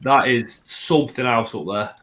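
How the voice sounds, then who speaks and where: A man's voice: mid-range voice, measured pace, sharp tone. Sweary Scottish man hosting casual chat. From Scotland. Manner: sweary, jokey. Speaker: podcast host. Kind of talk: casual late-night chat.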